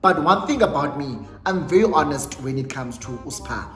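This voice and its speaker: A South African man on his YouTube channel, telling a storytime tale in an animated, dramatic way and mixing English with Xhosa phrases. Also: a little high, normal speed. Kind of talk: storytime vlog. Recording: echoey room with long reverb, faint music.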